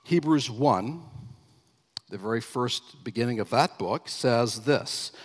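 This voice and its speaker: A man's voice: medium pitch, expressive, measured pace, slightly rough. Male pastor preaching, emphatic, leans on key phrases, long hall reverb. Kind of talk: sermon.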